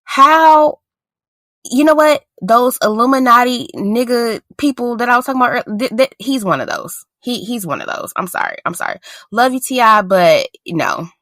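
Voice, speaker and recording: In a dry, close recording, this podcast co-host talks in a brisk, expressive way, her bright voice making big pitch swings. The chat is loose and casual, and she comes across blunt and sarcastic, laughing frequently.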